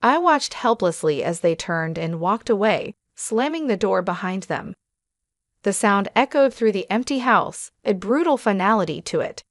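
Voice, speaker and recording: A woman reading a scripted first-person drama as narrator, in a steady, even way. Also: mid-range voice, normal speed, no room sound, clean studio sound.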